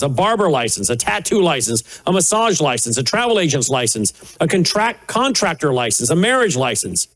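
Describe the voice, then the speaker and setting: Emphatic male host, fairly high lively voice, sarcastic commentary. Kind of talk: political commentary over clips.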